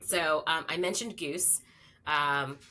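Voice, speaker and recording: A woman in her forties, a podcast guest, telling a story in a chatty, animated way with many fillers. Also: low-pitched, slow, a little hiss or hum. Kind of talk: casual storytelling.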